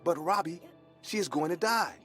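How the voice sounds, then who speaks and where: A man's voice: high-pitched, moderate pace, fairly bright tone, faint music behind, pitched above the performer's own voice. A man voicing a panicked young boy. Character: frightened ten-year-old boy narrator.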